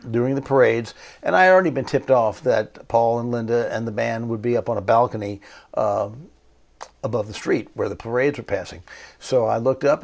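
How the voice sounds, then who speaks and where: A male photographer telling stories in an interview, animated, acting out what others said. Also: mid-range voice, creaky. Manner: animated anecdotal storytelling, acts out quoted voices. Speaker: photographer guest. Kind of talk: storytelling interview.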